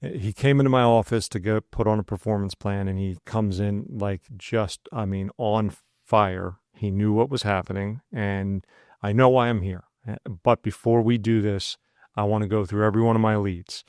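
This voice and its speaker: A man's voice: fairly low pitch, fairly even intonation, normal speed, darkish tone, clear, resonant tone, dry recording, clean studio sound. A man co-hosting a podcast, telling a work story in a loose, conversational way and acting out the dialogue in his own voice. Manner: loose and conversational, with frequent asides. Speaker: podcast co-host. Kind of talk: casual storytelling chat.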